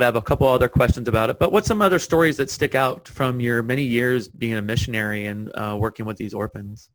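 A man's voice: medium pitch, fairly bright tone, no echo, poor audio. A man hosting a podcast interview, giving short affirmations and asking casual questions. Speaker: podcast host.

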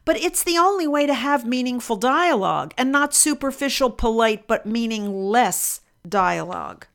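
A woman hosting a podcast, telling a story and giving her opinions in a measured, pointed way. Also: on the high side, lively intonation, a bit bright. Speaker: podcast host.

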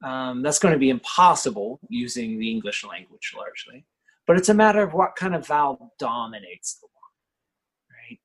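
Slow, husky-voiced male professor. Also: medium pitch, a bit bright, low-quality recording. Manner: thoughtful, often checks in with "right?", many fillers. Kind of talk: lecture on poetry craft.

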